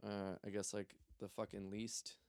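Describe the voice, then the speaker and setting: A man's voice: lowish voice, flat delivery, a little slow, darkish tone, no room sound, clean studio sound. A young man telling a story in a loose, profane, joking way. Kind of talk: casual storytelling.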